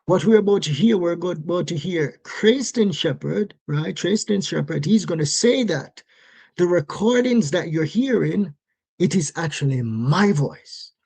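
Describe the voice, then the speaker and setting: Slow, husky livestream commentator. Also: mid-range voice, animated, a little mellow. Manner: rhetorical, repeatedly asks "right?" and "yes?".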